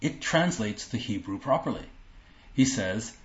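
A man's voice: on the low side, lively intonation, unhurried. A man giving a sermon, reading scripture aloud and explaining it in an earnest, emphatic way, often repeating himself. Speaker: Bible teacher. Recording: roomy, dull lo-fi recording.

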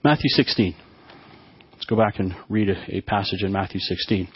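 A man preaching a sermon to his congregation, often halting and restarting his words as he talks. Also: deep voice, breathy edge, dull audio. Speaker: pastor.

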